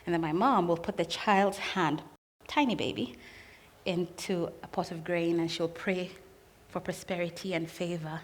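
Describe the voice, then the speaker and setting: A woman telling a personal family story in an earnest, expressive way, with pauses. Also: fairly low pitch.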